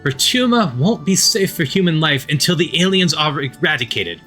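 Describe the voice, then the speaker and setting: A man putting on a booming domineering governor. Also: animated, normal speed, bright, forceful tone, soft background music. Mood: rousing. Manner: booming speechmaking, pushy. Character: stern male colony governor, domineering.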